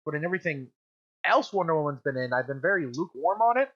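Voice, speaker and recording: An opinionated podcast co-host chatting casually at a middle pitch. The sound is slightly muffled and lo-fi. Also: expressive, quick pace, a bit bright. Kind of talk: casual chat.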